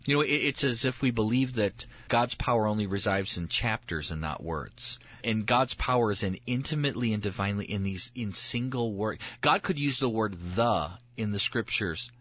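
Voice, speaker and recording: Earnest pastor telling stories. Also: male voice, on the low side, normal speed, few pauses, muffled recording. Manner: earnest, animated storytelling with acted-out quotes. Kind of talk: radio talk show guest.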